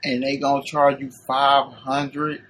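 A man co-hosts a loose podcast chat at a middle pitch. He needles the others with quick, teasing comebacks over faint background noise. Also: monotone, a bit bright. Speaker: podcast co-host. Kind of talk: casual chat.

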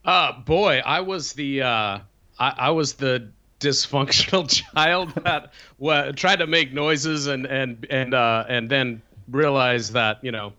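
A man's voice: mid-range voice, slow pace, sharp tone, dull audio. A man, a comedian guest on a podcast, telling casual anecdotes in a self-deprecating way and laughing often.

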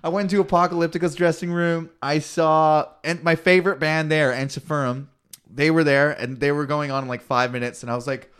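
Fluchender Mann aus Kanada erzählt Anekdoten. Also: male voice, fairly high pitch, fairly quick, clear, resonant tone. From Canada. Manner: swearing storyteller, animated quoting. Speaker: podcast co-host. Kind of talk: casual chat.

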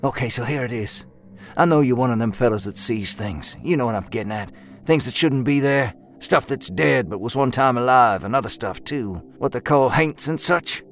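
An actor playing a jittery, eager young male miner who talks in a folksy backwoods dialect with hushed urgency. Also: medium pitch, lively intonation, normal speed, soft background music, lightly acted. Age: young adult. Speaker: character in an audio drama. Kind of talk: audio drama acting.

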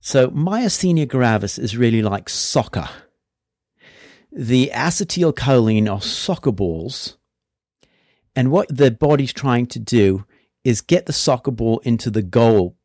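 A man doing a put-on English accent as a blustery bloke explaining football, louder and hammier than his usual voice. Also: mid-range voice, animated, unhurried, dry recording, studio quality. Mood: hammy.

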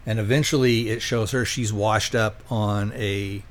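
A man's voice: fairly low pitch, steady tone, unhurried. A man hosting a podcast, casually retelling a movie plot in a rambling way, often stopping to correct himself. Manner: rambling, self-correcting, conversational. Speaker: podcast host reviewing a movie. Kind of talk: casual spoken plot recap.

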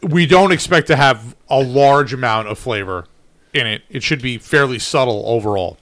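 A man's voice: medium pitch, moderate pace, a bit bright, no room sound. A man co-hosting a casual beer chat who brews his own beer and explains styles in detail, hedging as he goes. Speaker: podcast co-host, homebrewer.

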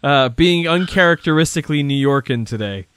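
A man's voice: a little high, expressive, brisk, fairly bright tone, a little hiss or hum. A man hosting a casual podcast panel chat, playful and fond of alliteration. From Providence, Rhode Island. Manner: playful, alliterative show intro. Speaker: host.

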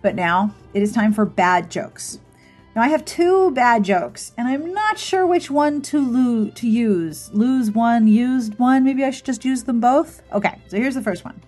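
Lady podcast host doing the outro, kinda husky, chatty and giggly, soft music under it. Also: a little high, animated, a little slow. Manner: chatty and giggly, easily amused. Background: faint music.

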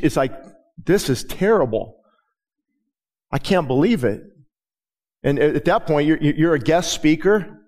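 A middle-aged man preaching, telling stories in a loose conversational way with many restarts. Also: fairly high pitch. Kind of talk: sermon.

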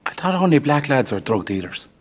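An actor with an Irish accent playing a crude, provocative Irish police sergeant in a film, talking in a blunt deadpan way. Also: male voice, medium pitch, a little fast.

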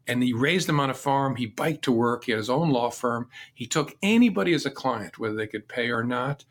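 A middle-aged man being interviewed recounts his career story earnestly and reflectively. His medium-pitched voice is expressive and brisk as he answers the questions.

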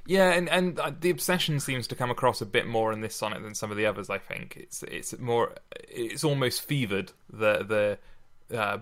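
A man with a bright, clear tone, casually discussing poetry as a podcast host. He thinks aloud, stopping and restarting his sentences as he goes. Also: medium pitch. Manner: thoughtful, halting, with many restarts.

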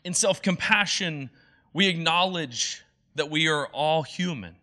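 A young adult man preaches a sermon as a pastor, speaking earnestly and conversationally and acting out quoted voices. His voice is a little high, bright, and forceful, and he takes an unhurried pace.

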